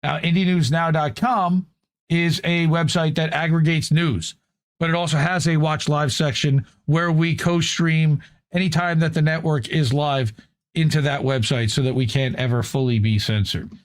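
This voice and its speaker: A man hosts a live independent news stream in a casual, thankful manner. His voice sits a little high for a man, and he often repeats words as he talks. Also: fairly even intonation, moderate pace. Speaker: host. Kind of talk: livestream news show.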